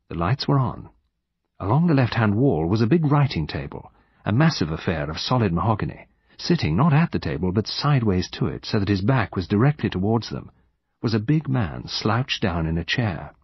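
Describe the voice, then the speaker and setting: A man narrates an audiobook in a low, husky voice, with an expressive, dramatic reading. His pitch moves a lot, and the recording sounds dry and dull, as if lo-fi. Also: no echo.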